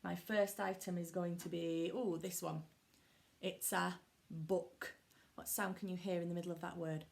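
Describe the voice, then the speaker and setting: A woman teaching children a phonics lesson, talking slowly in a sing-song, encouraging teacher voice. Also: lowish voice, fairly even intonation, creaky. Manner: slow, sing-song teacher voice with lots of praise. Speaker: primary school teacher.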